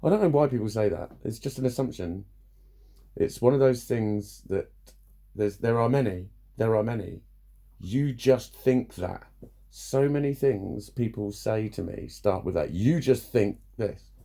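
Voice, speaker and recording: A man's voice: lowish voice, moderate pace, vocal fry, mellow. A man venting bluntly in a casual vlog, swearing freely and laughing between points. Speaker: vlogger. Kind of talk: casual rant to camera.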